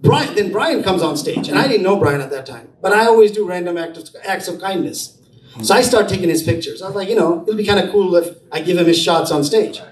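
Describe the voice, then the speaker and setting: A man's voice: high-pitched, animated, brisk, slight background noise. A man speaking at an entrepreneurs' event, telling personal anecdotes and acting out the dialogue. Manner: anecdotal, acts out dialogue in quotes. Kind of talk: personal storytelling talk. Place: event room with an audience. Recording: roomy, distant mic, faint ambience.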